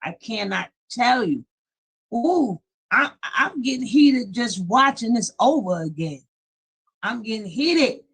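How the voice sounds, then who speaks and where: Husky high-voiced woman reacting. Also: lively intonation, fairly bright tone. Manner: dramatic, exclamatory, drawn-out. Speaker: streamer reacting to a clip. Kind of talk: reaction commentary.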